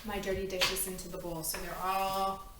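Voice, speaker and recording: A woman's voice: mid-range voice, flat delivery, normal speed, very noisy. A woman casually talking through a baking recipe step by step as she works in her home kitchen. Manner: chatty, talks through each step while working. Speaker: home baker demonstrating a recipe. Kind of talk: casual cooking tutorial. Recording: echoey kitchen, mic at a distance, clattering dishes.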